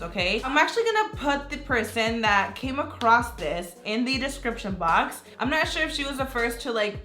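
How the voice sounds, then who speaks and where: A young woman chatting excitedly in a casual beauty vlog, gasping and swearing casually. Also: fairly high pitch. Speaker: beauty YouTuber. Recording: echoey room, faint music behind.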